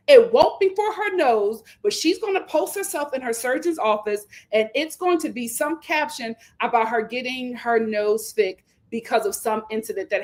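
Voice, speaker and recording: A young adult woman hosting a reality TV recap, talking in an animated, sarcastic way and mocking the people she discusses. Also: a little high. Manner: animated, sarcastic, mocking impressions, breaks into laughter. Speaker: commentary channel host.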